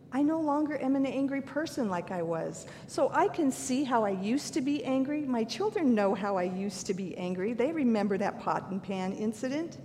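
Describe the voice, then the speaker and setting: An older woman giving a sermon, earnest and candid, mixing scripture with self-deprecating stories from her own life. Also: dark tone. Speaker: preacher. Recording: long hall reverb, faint rumble.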